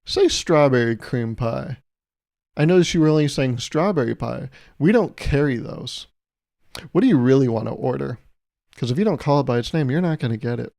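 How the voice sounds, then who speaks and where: A man voicing a pushy fast-food drive-thru worker who teases and coaxes the customer. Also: mid-range voice, lively intonation, creaky, a little mellow, no room sound, studio quality. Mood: teasing. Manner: teasing, coaxing, insistent.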